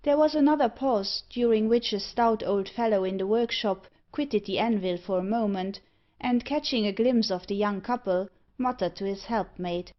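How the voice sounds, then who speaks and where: A woman narrating a gothic novel audiobook in a measured, expressive reading. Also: medium pitch. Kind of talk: scripted narration. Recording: dull lo-fi audio.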